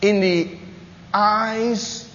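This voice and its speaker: A man preaches with a bright, high-pitched voice, repeating his points with animated emphasis. The recording is slightly muffled. His voice carries a long reverb, as if he is in a large hall or church. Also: very slow. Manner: animated, acts out the characters with emphatic repetition. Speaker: pastor. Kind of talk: sermon.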